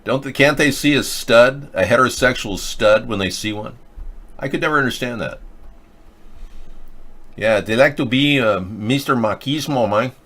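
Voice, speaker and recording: A man's voice: mid-range voice, moderate pace, pauses often, fairly bright tone. A middle-aged man hosting a show, talking in a casual, rambling and sarcastic monologue that drifts between topics. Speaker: host.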